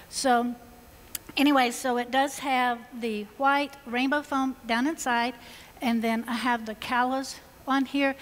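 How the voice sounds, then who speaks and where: Woman, Georgia Southern accent, enthusiastic stage demonstrator, slightly high voice, long reverb in a large hall. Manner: chatty, enthusiastic, folksy. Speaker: floral designer presenting on stage. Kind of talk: live stage design demonstration.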